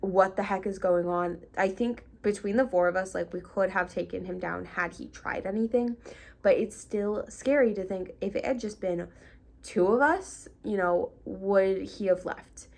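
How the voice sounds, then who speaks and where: A woman's voice: mid-range voice, normal speed, gravelly, a little mellow. A young woman vlogger telling a casual storytime, chatty and full of likes and ums. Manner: chatty, lots of likes and ums, half-laughing.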